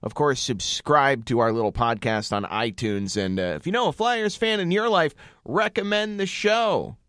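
Man, congested, excitable, jokey, bright tense voice, dry close sound. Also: mid-range voice, clear, resonant tone, no room sound. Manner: excitable, jokey, quick asides. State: congested throat. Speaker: podcast co-host. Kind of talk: casual sports chat.

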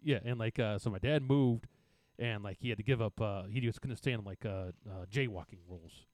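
A man's voice: lowish voice, darkish tone, dry recording. A man co-hosting a comedy podcast, chatting casually and packing his sentences with "like.". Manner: fast, filler-heavy talk full of "like". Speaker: podcast co-host. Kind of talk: casual chat. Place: podcast studio.

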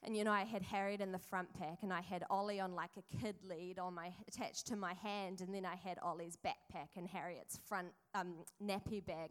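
A woman's voice: lowish voice, fairly even intonation, normal speed, hardly any pauses, clear, resonant tone. A woman, preaching a sermon in a chatty storytelling way with asides to the congregation. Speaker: pastor.

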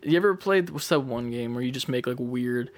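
A young man in casual chat, telling a gaming story with animated acted-out quotes and plenty of swearing. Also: medium pitch, a little fast.

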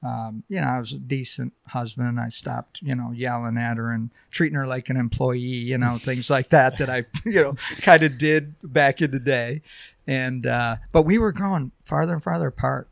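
Gravelly man telling a heartfelt story. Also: mid-range voice, steady tone, dry recording, studio quality. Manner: halting, heartfelt storytelling with many fillers. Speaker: podcast guest. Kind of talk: personal testimony on a podcast.

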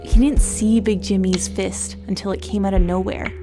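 A woman giving scripted narration in a measured, even way. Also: mid-range voice. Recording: music bed underneath.

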